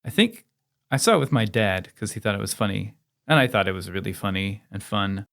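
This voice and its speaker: A man's voice: fairly low pitch, animated, a little fast, vocal fry, fairly bright tone. Chatty eager male podcast co-host. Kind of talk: casual movie-review chat.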